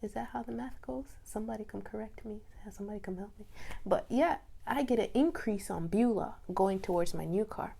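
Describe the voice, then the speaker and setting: A young woman telling a story casually, swinging between whispers and excited laughter. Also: mid-range voice, brisk, gravelly, husky. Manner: animated, drops to whispers, bursts of laughter. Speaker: vlogger.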